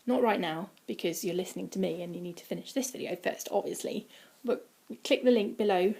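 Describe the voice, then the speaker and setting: A woman chatting casually from home in a vlog, rambling with many ums and dropping into quiet, breathy asides. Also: mid-range voice, brisk. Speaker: vlogger. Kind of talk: casual weight-loss vlog. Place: indoors at home, by a window.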